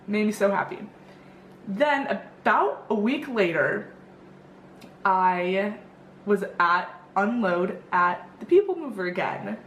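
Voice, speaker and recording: A young woman telling stories in casual vlog style, upbeat and chatty, with lots of fillers and bright quoted voices. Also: medium pitch, animated, normal speed. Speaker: vlogger. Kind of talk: casual storytelling. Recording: roomy echo with faint background noise.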